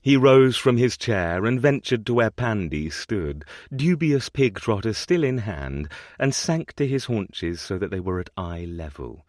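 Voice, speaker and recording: A man narrating a historical romance audiobook with an expressive, varied delivery on a close mic. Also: on the low side, unhurried, hardly any pauses, no echo.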